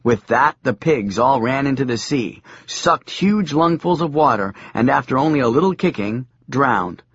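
A man narrating a comic novel in a dry, deadpan way. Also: medium pitch, normal speed, highs cut off, a little hiss or hum. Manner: dry, deadpan wisecracking delivery.

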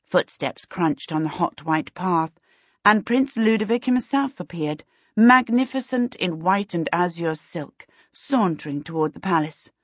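A woman narrating a novel in a measured, even storytelling manner. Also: fairly low pitch, slightly rough, no echo. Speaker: audiobook narrator. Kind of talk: scripted narration. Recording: dull, dry lo-fi audiobook recording.

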